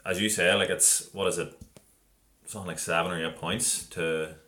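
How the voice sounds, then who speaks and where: A man's voice: low voice, steady tone, normal speed, pushed and bright. A man co-hosting a casual football podcast, chatty and full of "like" and "um". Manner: chatty, filler-heavy, saying "like" and "um". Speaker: podcast co-host.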